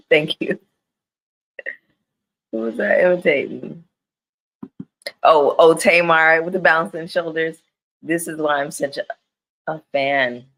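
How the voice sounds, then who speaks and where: A woman's voice: low voice, slow, creaky, pauses often, a bit bright, poor audio. Chatty, profane woman on a live stream. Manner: candid, slangy and profane, talks straight to viewers. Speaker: live-stream reality TV reviewer. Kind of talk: casual live-stream chat.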